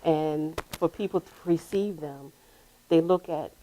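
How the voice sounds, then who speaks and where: A woman with a deep, low voice talks about the mentoring program she runs. She answers in a halting way, breaking off and restarting her sentences. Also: warm tone, low-quality recording. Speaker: founder of a youth mentoring program. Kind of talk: casual interview.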